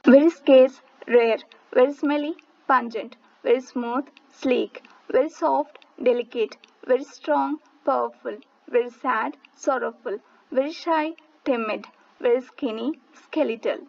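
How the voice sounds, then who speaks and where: Woman teacher, high voice, steady list-reading cadence, muffled lo-fi sound. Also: a little slow, creaky. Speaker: English vocabulary teacher. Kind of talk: reading word lists.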